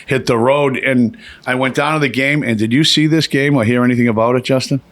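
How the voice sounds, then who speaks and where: A man tells a rambling story in casual chat. He swears freely and jumps up in pitch whenever he acts out what someone said. His voice sits at an ordinary middle pitch. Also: fairly quick. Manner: animated, profane, acts out quotes with raised pitch.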